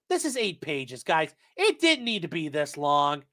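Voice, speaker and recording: A man hosting a legal commentary livestream, reading court orders aloud and breaking into profane, shouting tirades. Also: fairly high pitch, huge pitch swings, measured pace, hardly any pauses. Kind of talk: livestream rant.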